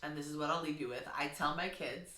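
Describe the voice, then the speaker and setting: A woman's voice: low voice, fast talker, reverberant, distant mic. A woman who teaches kindergarten, speaking earnestly and encouragingly in a heartfelt vlog. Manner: earnest, encouraging, gently instructive. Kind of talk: heartfelt talking-to-camera vlog.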